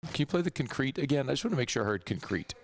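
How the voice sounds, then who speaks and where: A hoarse man with a Southern accent hosting a sports radio show, chatty and rambling. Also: medium pitch, lively intonation, racing. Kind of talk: casual sports radio talk. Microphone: studio microphone.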